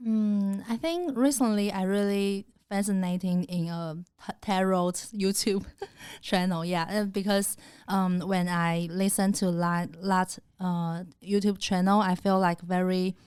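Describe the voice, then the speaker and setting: A woman talking in a casual podcast chat in a recording studio, hesitant and halting as she searches for words. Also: medium pitch, fairly even intonation, darkish tone, clean tone, dry recording.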